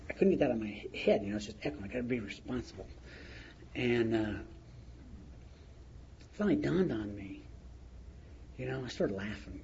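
A man's voice: medium pitch, gravelly, darkish tone. Man, middle-aged, plain-spoken storyteller, chuckles, recovery share, muffled lo-fi recording. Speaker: speaker sharing his recovery story. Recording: muffled lo-fi recording with faint noise.

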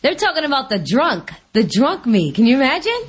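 A woman giving a personal testimony at a recovery meeting, telling stories in an animated way and acting out her own lines. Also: high voice, a little fast, breathy edge. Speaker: speaker sharing at a recovery meeting.

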